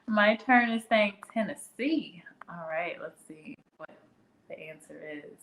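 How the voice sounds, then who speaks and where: A woman with a Midwestern American accent hosts a relaxed live trivia session. She talks at an unhurried, easy pace and chats with viewers, reading out their guesses. She laughs often between questions. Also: on the low side, poor audio. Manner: chatty, reads viewer comments aloud, laughs often. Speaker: livestream trivia host. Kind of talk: casual live trivia chat.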